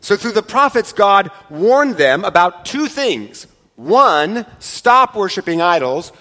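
A man's voice: high-pitched, sing-song, slow, bright, forceful tone. A middle-aged man preaches a sermon in a church, his voice carrying a long hall reverb. He speaks in a slightly raised register with an easy, conversational manner, teasing his congregation between points. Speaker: pastor. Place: church sanctuary.

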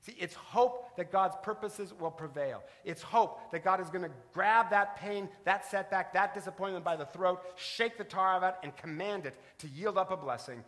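High-voiced preacher in a reverberant sanctuary. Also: male voice, moderate pace, hardly any pauses, fairly bright tone. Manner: storytelling preacher, varied emphasis. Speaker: pastor. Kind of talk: sermon. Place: church sanctuary.

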